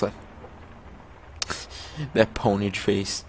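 A man's voice: lowish voice, fairly even intonation, measured pace, gravelly, a little hiss or hum. A young man joking his way through a story game in a casual let's-play commentary. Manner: joking, reads game text aloud. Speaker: gamer.

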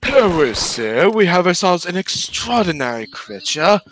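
A pompous British gentleman presenter, as a young man puts him on, dropping deep below his usual high voice. The tone stays bright and mannered. Faint game music plays behind. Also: big pitch swings, a little slow, exaggerated voice. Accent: put-on British.

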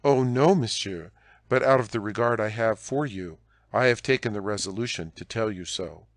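A man reading a shy young female maid in an audiobook, using a hushed, hesitant way of speaking. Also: on the low side, normal speed, dry recording, studio quality, close to an everyday voice. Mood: earnest.

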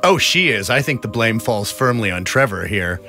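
A man's voice: fairly low pitch, expressive, moderate pace, bright, forceful tone, faint music behind. A man chatting casually in a radio studio, hesitant and groping for words with fillers. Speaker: radio co-presenter.

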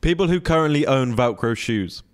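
A man's voice: mid-range voice, expressive, moderate pace. A man co-hosting a podcast in casual chat, playful and teasing, laughing often. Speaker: podcast co-host.

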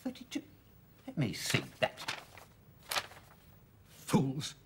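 An actor playing a fussy, self-important middle-aged husband in a 1980s sitcom. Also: male voice, a little high, wildly swooping pitch, extremely slow, noisy background, heavily acted. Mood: pompous. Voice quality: fussy, pompous manner.

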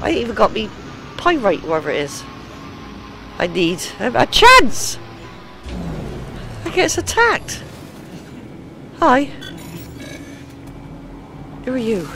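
A British woman gives excitable let's play commentary over game music, swearing and shrieking at the action. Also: a little high, slow pace, pauses often. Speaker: gamer.

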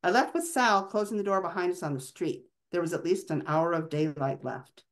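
A woman's voice: fairly low pitch, a little fast, hardly any pauses. A woman author reading a passage from her novel aloud, expressively.

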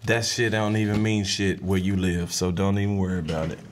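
A man hosting a comedy podcast, giving crude, loose shout-outs in casual chat. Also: low voice, flat delivery, fairly quick, slight background noise.

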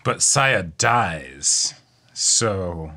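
A man co-hosting an anime reaction, mostly giving brief agreements and quick notes on what he sees. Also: deep voice, very animated, sharp tone. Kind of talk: casual reaction commentary.

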